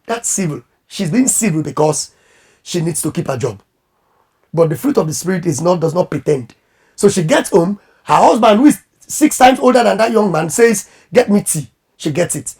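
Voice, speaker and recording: A man who is a pastor and marriage coach, giving animated advice in conversation and acting out quoted voices. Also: sits high, moderate pace, creaky, slightly rough.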